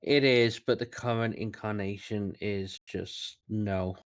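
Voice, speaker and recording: A man's voice: lowish voice, steady tone, slow pace, smooth. A man co-hosting a podcast, chatting in a blunt, opinionated way. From Britain. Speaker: podcast co-host. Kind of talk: casual chat.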